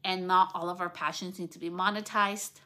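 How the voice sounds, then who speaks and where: A woman in her thirties hosting a solo podcast, talking candidly, swearing freely, her voice jumping higher when she gets excited. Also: brisk. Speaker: podcast host. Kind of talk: casual solo podcast monologue. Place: lounge at home.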